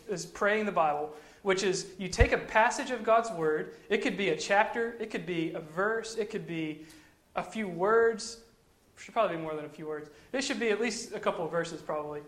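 A man's voice: sits high, a bit bright. A man giving casual devotional teaching, talking in a conversational way and repeating phrases for emphasis. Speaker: Christian teacher. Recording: echoey room.

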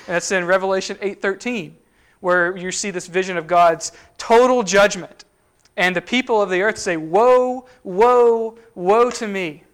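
Man, high voice, sermon teaching, conversational, fillers and restarts. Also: fairly even intonation, moderate pace, a bit bright, clean tone. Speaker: preacher.

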